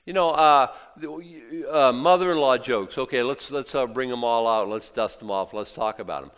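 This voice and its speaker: A middle-aged man preaching a sermon in a conversational way, swinging between hushed and loud moments. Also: mid-range voice, normal speed, clear, resonant tone. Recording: long reverb in a large hall.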